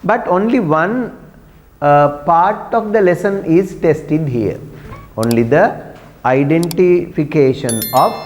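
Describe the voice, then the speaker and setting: A male teacher works through an exam lesson. His voice is fairly high, his pace very slow, and he often repeats words. The recording is muffled, with a long, hollow reverb around it. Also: a little mellow. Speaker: English teacher. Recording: dull lo-fi sound with long reverb.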